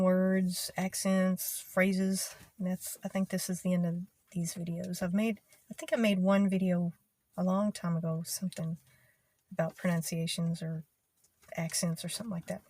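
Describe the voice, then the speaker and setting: A young woman with a soft Texas twang talks to her channel in a relaxed, meandering way. She pauses often, fills gaps with ums, and keeps an easygoing, conversational flow. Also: on the low side, dry recording. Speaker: video creator. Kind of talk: casual talk to camera.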